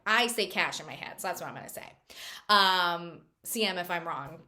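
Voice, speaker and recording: A bubbly woman giving a casual book review, chatty and loose with plenty of filler words. Her voice is bright and sharp. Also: lowish voice, lively intonation, brisk.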